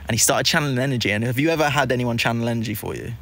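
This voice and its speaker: A man, a hypnotist guest, telling an animated story in casual conversation, acting out quotes and swearing freely. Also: medium pitch, rapid-fire, vocal fry, a little hiss or hum.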